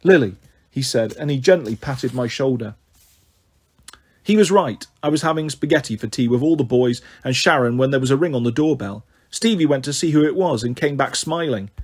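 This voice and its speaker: A man reading a children's novel aloud in steady, plain storytelling with a husky voice. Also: medium pitch, moderate pace. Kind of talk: audiobook narration.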